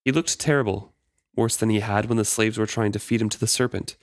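A man's voice: on the low side, fairly even intonation, fairly quick, dry recording, clean studio sound. A man co-hosting a casual book discussion podcast, reading passages aloud and commenting with easy laughs. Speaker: podcast co-host.

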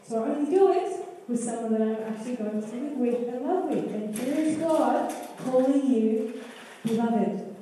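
A woman's voice: fairly high pitch, normal speed, mellow, a little hiss or hum. A woman preaching a sermon, asking the congregation questions and acting out lines of scripture. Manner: interactive, asks the congregation questions; acts out quoted lines of scripture. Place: church hall. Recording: echoey hall, mic far off.

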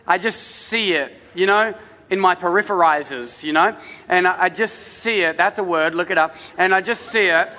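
High, bright-voiced pastor with an accent. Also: male voice, big-room sound. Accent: non-native English accent. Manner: self-mocking, chatty, animated storytelling. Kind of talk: humorous sermon storytelling.

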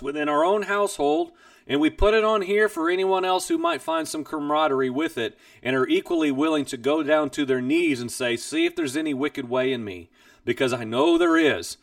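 A man's voice: high voice, creaky, a bit bright, no room sound, clean studio sound. A man hosting a Bible teaching program, sharing a personal testimony in an earnest, emphatic way, recorded a little distant from the mic.

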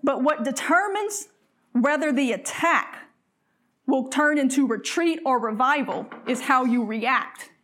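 A woman preaching a fervent sermon in church, slowing down to read scripture and calling on the congregation to answer back. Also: high voice, lively intonation, fairly bright tone.

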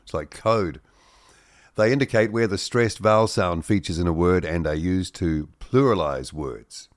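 A man's voice: low voice, a little slow, dry recording, clean studio sound. A man hosting breakfast radio, reading news headlines with wry jokes and asides. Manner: reads headlines with joking asides and mock voices. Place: radio studio.

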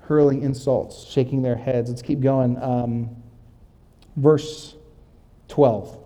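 Man preaching a mellow sermon. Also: mid-range voice, steady tone. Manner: conversational preaching, slows for scripture readings. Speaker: pastor. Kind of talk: sermon with scripture reading. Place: church.

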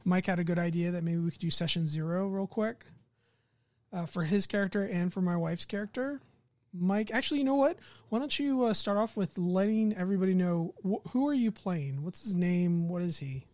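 A man's voice: high voice, brisk, a little mellow, no room sound. A man hosting a casual session zero for a tabletop game, joking and laughing often and slipping into silly accents, recorded on a close home mic. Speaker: game master.

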